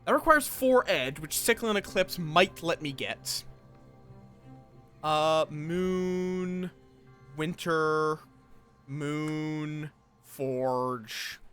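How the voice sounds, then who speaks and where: A man's voice: on the high side, extremely slow, long pauses, fairly bright tone, faint music behind. A tired man streaming a game, muttering to himself and thinking aloud as he plays. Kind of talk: casual gameplay commentary.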